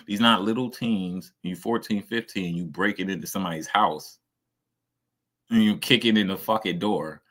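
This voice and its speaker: A man's voice: low-pitched, moderate pace, a bit bright. A man streaming casual reaction commentary, ranting emphatically and swearing a lot.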